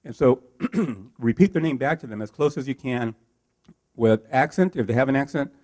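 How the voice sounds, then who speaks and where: Male workshop trainer with a mid-range voice, lively and coaching, talking to a live room. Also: medium pitch, moderate pace. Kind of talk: live workshop talk to an audience.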